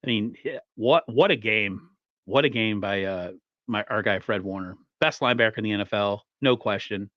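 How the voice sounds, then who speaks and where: A man riffs on his team's latest game with quick, eager energy. His mic sounds muffled and lo-fi. The room is dead dry with no echo at all. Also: fairly low pitch, a bit bright. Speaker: podcast host. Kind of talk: casual sports talk.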